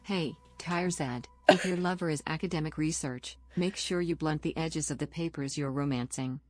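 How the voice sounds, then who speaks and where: A woman voicing a deadpan young man who cracks dry jokes, in a low, slow, flat delivery. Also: no echo, faint music behind. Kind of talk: reading game dialogue aloud.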